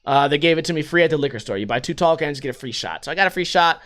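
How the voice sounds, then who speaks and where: A man in his thirties rambles through a casual comedic monologue, crude and quick to laugh. His voice sits high and sounds bright and forceful. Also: animated. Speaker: podcast host.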